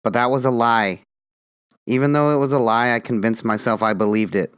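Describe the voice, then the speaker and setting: Man reading a calm confessional woman. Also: medium pitch, brisk, smooth, no room sound, studio quality, close to an everyday voice. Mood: earnest. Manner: earnest, confessional. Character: young woman, former TV personality, newly calm. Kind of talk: audiobook dialogue reading.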